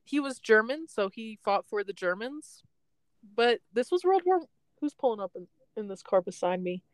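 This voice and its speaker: Chatty young woman with a smooth voice. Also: a little high, lively intonation, moderate pace, no echo, low-quality recording. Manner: chatty, rambling, laughs often. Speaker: podcast host telling a story. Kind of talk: casual storytelling chat. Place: in a parked car.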